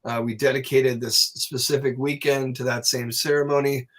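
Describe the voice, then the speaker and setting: A man telling a long personal story as a podcast guest, animated and swearing, acting out the voices of people he quotes. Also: medium pitch, normal speed. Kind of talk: casual storytelling.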